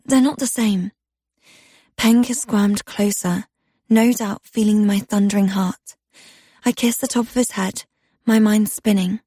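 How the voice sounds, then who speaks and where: A woman narrating a dark romance audiobook in the first person, telling it with intimate tension. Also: fairly high pitch, husky, no room sound, studio quality.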